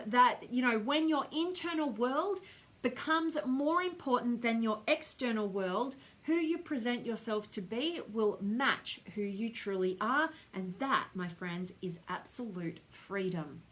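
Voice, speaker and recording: An Australian woman in middle age hosts a live stream, reading comments and showering viewers with affection. Her voice sits high and rings bright. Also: lively intonation, unhurried. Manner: effusive, gushing with affection. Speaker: host.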